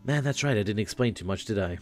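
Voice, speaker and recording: A man voicing a laid-back, rambling floating teenage boy who acts as a self-aware game guide, a bit higher and louder than his own voice. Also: animated, fast, faint music behind, lightly acted.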